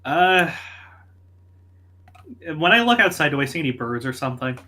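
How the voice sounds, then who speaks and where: Bright-toned, blunt man playing a tabletop game. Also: a little high, sing-song, normal speed. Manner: blunt, dry, swears casually. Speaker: player. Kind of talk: casual tabletop game chat.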